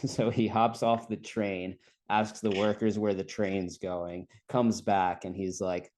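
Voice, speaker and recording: A young man with a fairly low voice tells a long, rambling story in casual conversation. He laughs often and swears freely as he goes. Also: little pitch movement, slow, a little mellow. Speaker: guest storyteller. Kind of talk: casual chat.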